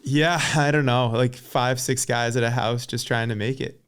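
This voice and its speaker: An American man in his forties, a podcast guest and former pro cyclist, chatting casually and telling stories in an animated way, full of "like" fillers. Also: mid-range voice, normal speed, clear, resonant tone. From United States. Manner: animated storyteller, many "like" fillers. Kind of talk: casual chat.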